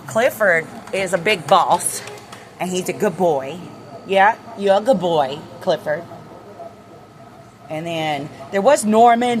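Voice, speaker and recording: A woman's voice: on the low side, slight background noise. Jittery woman talking to her backyard chickens. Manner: nervous, swearing, talks to her chickens. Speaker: vlogger. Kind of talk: casual chat. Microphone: handheld phone camera.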